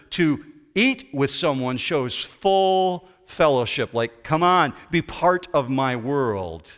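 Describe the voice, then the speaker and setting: A man preaching a sermon to a congregation with animated delivery. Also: fairly high pitch. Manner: animated preaching, acts out grumbling voices. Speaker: pastor. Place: church sanctuary before a congregation.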